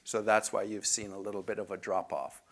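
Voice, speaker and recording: A man's voice: fairly low pitch, steady tone, fairly quick, a bit bright. A man presenting club finances to members in a conversational way, often saying "if you will".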